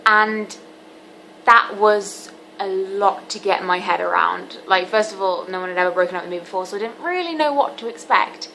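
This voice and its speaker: A seventeen-year-old woman talking candidly to camera in a personal vlog, earnest and halting with frequent ums. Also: mid-range voice, creaky, bright, forceful tone, slight background noise, poor audio. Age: teens. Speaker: vlogger.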